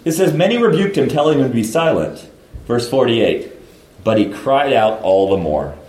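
A man preaching a lively sermon in a casual, slangy way, swinging between loud outbursts and hushed asides. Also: medium pitch, normal speed. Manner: casual, slangy delivery with frequent laughs. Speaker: pastor. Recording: echoey hall from a distance.

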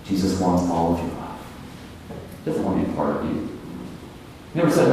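A man preaching a sermon in a church hall, emphatic, dropping to a hush and then rising loud again. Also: low voice, very animated, moderate pace, slight background noise. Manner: emphatic, swings between hushed and loud. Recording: echoey hall, mic far off.

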